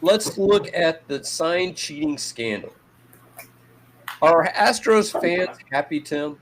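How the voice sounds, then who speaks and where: A man's voice: on the high side, slow pace, a little hiss or hum. Man ranting hotly about baseball. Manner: profane, ranting, sarcastic. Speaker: podcast co-host. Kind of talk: heated sports talk.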